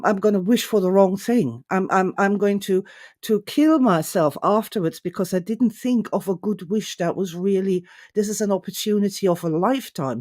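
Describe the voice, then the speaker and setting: A woman voicing a grown man who panics over a wish, frantic and stammering, in a storytelling talk. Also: a little mellow. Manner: frantic, stammering, rising pitch.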